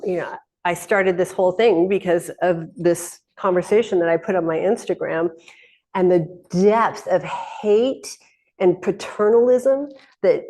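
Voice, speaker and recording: A woman's voice: lowish voice, darkish tone. A middle-aged woman hosting a casual spoken teaching talk, rambling along with frequent restarts and laughs. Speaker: host.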